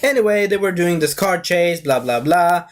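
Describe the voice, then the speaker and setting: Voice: mid-range voice, expressive, moderate pace. A movie reviewer talking in a casual, rambling way, drifting off topic and breaking into silly voices.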